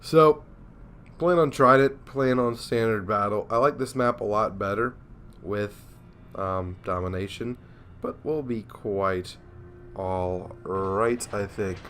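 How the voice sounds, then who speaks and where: A man's voice: fairly low pitch, takes it slowly, fairly bright tone, a little hiss or hum. Sleepy, yawning young man commentating gameplay. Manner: sleepy, yawning, rambling self-deprecating.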